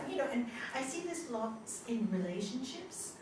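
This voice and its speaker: A woman yoga teacher giving a spiritual talk to a class, telling stories in an animated way and laughing often. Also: sits high, normal speed, a little hiss or hum. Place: large hall. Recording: echoey hall from far off.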